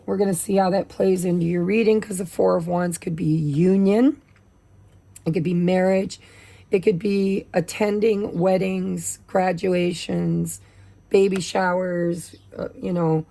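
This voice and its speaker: A woman with a gravelly voice, losing her voice from allergies, doing a chatty, casual tarot reading. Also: lowish voice, warm tone. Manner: chatty, with many fillers. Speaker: tarot reader.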